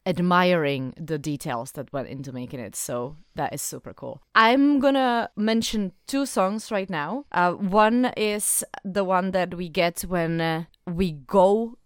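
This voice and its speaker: A woman co-hosting a casual fan podcast, talking in a lively, opinionated way. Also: clean tone, no room sound, studio quality. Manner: lively, opinionated, quick shifts in pitch. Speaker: podcast co-host.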